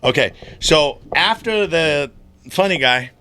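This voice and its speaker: A man from Florida, a podcast guest telling animated stories in casual chat and acting out the voices of people he met. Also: fairly high pitch, slow. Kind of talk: casual storytelling.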